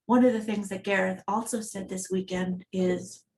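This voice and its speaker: A woman's voice: mid-range voice, steady tone, normal speed, a little mellow, slight background noise. A woman giving an accessibility talk at a design meetup, speaking in a conversational, storytelling manner. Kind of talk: conference talk.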